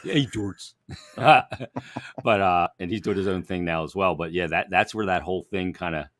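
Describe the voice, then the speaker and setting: Deep-voiced man, chatty and teasing. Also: moderate pace, fairly bright tone, no echo, studio quality. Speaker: co-host. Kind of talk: casual sports talk.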